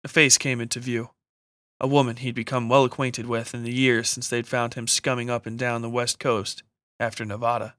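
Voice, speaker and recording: Steady and measured, a man gives a dramatic reading of a scripted horror story. The sound is close and dry, without room echo, and his mid-range voice has a bright, forward edge.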